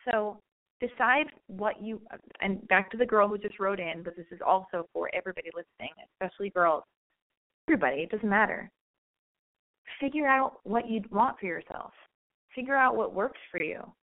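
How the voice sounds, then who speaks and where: A woman's voice: mid-range voice, moderate pace. A young adult woman hosts a late-night call-in radio show. She rambles between blunt, profane advice and personal stories. Her voice comes through a narrow, phone-like band. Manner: candid, rambling, frank and profane.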